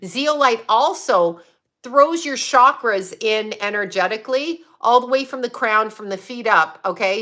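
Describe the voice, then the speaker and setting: Bright-voiced, blunt woman chatting on a livestream. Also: on the high side, expressive, measured pace. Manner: rambling, blunt and profane, with frequent laughs. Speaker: psychic medium livestream host. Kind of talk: casual livestream chat answering viewers.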